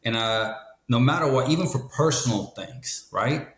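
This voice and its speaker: A man's voice: mid-range voice, moderate pace. A man talking as a guest about the car business, matter-of-fact, often adding "right?" at the ends of sentences. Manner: matter-of-fact, leans on tag questions like "right?". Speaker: guest, car dealership expert. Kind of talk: casual interview talk. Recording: roomy echo.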